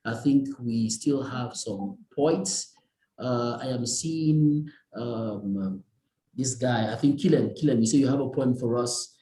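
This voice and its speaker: A man with a Cameroonian English accent hosting an online poetry event, who speaks slowly and carefully, with pauses and fillers. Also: medium pitch, dark tone, roomy sound, rough recording. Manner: slow and measured, with thoughtful pauses and fillers. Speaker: event host.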